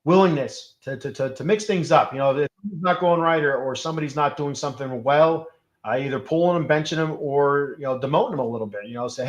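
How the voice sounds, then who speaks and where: A man's voice: medium pitch, moderate pace. Rambling man recapping hockey in an echoey room. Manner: rambling, many fillers and restarts. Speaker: hockey podcast host. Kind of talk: casual solo game recap.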